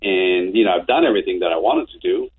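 A man in his fifties telling animated anecdotes as an interview guest, with frequent restarts. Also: low-pitched, fast talker, slightly rough. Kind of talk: casual storytelling. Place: home office. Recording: tinny phone-like line.

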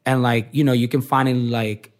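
A man's voice: medium pitch, flat delivery, brisk. A young adult man, a fashion designer, chatting in an interview and telling personal stories with lots of filler "like"s. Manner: chatty storytelling, many filler likes. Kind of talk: casual interview chat.

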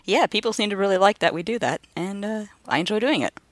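A woman with a Canadian accent co-hosting a casual podcast chat, chatty and quick to laugh. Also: medium pitch, expressive, no echo. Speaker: podcast co-host.

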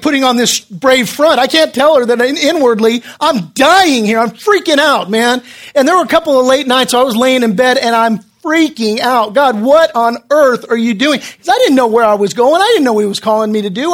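A middle-aged pastor preaches a sermon in a strikingly high voice. He mixes scripture reading with casual personal stories, and he acts out the voices he quotes.

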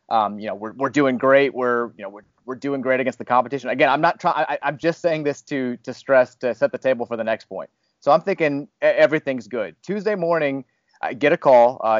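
A man's voice: medium pitch, dry recording, highs cut off. Candid rambling podcast host man. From Louisville, Kentucky area. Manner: candid, rambling, self-deprecating with laughs. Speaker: podcast host, fired radio host. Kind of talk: casual podcast chat.

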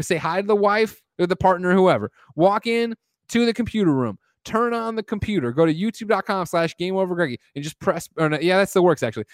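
A man hosting a gaming podcast, delivering a loud, mock-angry comic rant full of swearing. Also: high-pitched, no room sound, clean studio sound. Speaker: podcast host.

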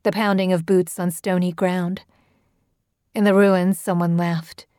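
Horror narrator: woman, steady and measured, mellow dark tone, dry close mic. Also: lowish voice, no room sound. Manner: measured, steady storytelling delivery. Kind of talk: scripted horror story narration.

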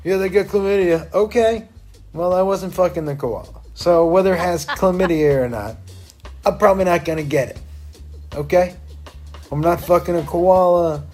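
A man's voice: high-pitched, normal speed, warm tone, faint music behind. A man in a stoned state, rambling through a profane, tangent-filled commentary.

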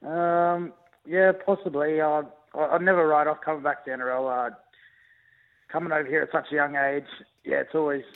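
A man's voice: on the high side, fairly even intonation, a little fast. A young man, a rugby league player, chatting casually as a radio guest, rambling with plenty of fillers and restarts. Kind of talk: casual radio interview over the phone. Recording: tinny phone line.

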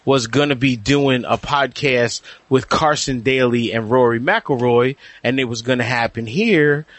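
A man co-hosting a casual golf podcast, talking in animated, teasing bursts. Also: mid-range voice, measured pace, no echo. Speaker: podcast co-host and golf reporter. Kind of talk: casual sports podcast chat.

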